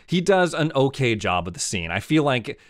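A man's voice: mid-range voice, big pitch swings, moderate pace. A man hosting a casual video essay, talking in an opinionated, conversational way with lots of "like" and "man". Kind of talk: casual commentary.

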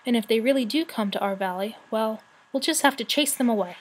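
A woman's voice: a little high, a little fast, lightly acted. A woman voicing a cautious, dismissive male dragon in a storybook reading.

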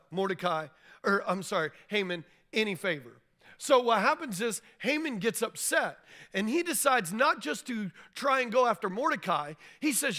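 A pastor with a high, bright voice delivers a sermon in a church. He tells the story loosely and conversationally, acting out the figures' lines in plain modern speech.

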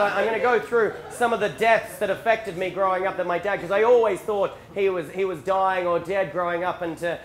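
A man with an Australian accent, a stand-up comedian telling animated stories about his upbringing with shouted bursts. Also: high voice, slight background noise. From rural South Australia. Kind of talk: stand-up storytelling. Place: theatre stage before a live audience. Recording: roomy stage sound with faint ambience.

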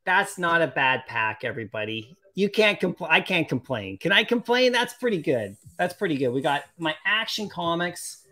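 A live-stream host opening collectible packs, chatting casually and excitedly with viewers and laughing often. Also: mid-range voice, moderate pace, hardly any pauses. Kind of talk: casual live-stream chat, reading viewer comments aloud.

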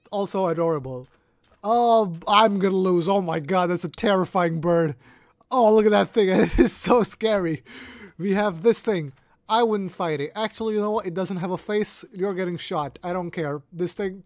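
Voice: medium pitch, no echo. A gaming video creator giving casual, playful gameplay commentary, laughing often and hamming up mock-dramatic lines.

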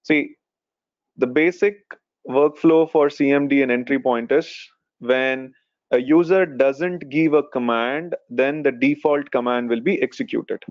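A man's voice: medium pitch, measured pace. Lecturing man on a lo-fi call. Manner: explains step by step, many fillers like "okay" and "right". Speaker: instructor. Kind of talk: live online technical lesson. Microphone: video call. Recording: dull lo-fi call audio.

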